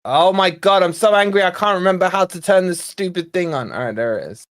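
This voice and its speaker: A man's voice: high voice, animated, a little fast, a bit bright, dry recording, clean studio sound. A young man hosting a live football watch-along, ranting and exasperated as he reacts to his chat. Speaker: fan channel host.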